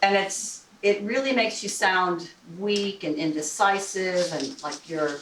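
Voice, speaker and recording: A woman's voice: mid-range voice, slow. Woman delivering a club evaluation report, loose and chatty, recorded from across a roomy hall. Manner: conversational, with many restarts and fillers. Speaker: general evaluator and timer at a speaking club. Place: meeting room. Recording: roomy, distant mic with faint noise.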